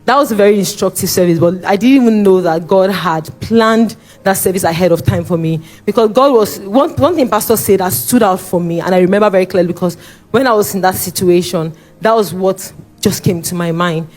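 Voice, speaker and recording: A young woman with a Nigerian accent giving a church testimony, animated and re-enacting her own shouting and pleading as she tells it. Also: medium pitch, fairly quick, soft background music.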